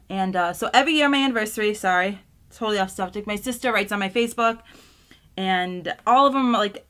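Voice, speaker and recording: In a medium-pitched, slightly bright voice, a young woman rambles through a casual get-ready-with-me video, doing her makeup at home. Fillers crop up constantly as she speaks of gratitude, and at moments she's on the verge of tears.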